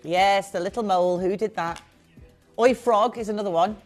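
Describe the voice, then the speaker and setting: A woman presenting live jewellery sales on a shopping channel, chatty and gushing with quick asides. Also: medium pitch, soft background music.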